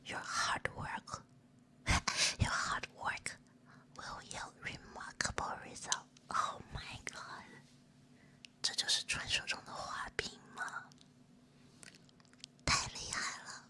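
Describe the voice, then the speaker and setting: Her voice pushed and bright, a young woman VTuber whispers slowly with frequent pauses in giggly, playful role-play on a binaural 3Dio mic. She reads prompts aloud, mixing in Chinese and Japanese phrases.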